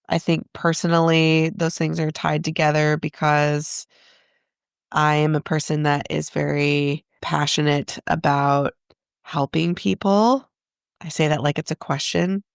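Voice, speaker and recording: Low, smooth-voiced reflective woman. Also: dry recording, clean studio sound. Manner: reflective, self-questioning, laughs often. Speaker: interview guest, therapist. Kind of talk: casual interview conversation.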